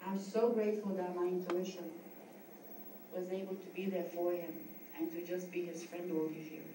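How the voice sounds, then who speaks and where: A middle-aged woman from the US East Coast, founder of a yoga school, gives a heartfelt but rambling tribute speech, often restarting her sentences. Her voice is lowish, level in tone and at a normal speed. The recording is noisy and echoey, with the mic placed far from her.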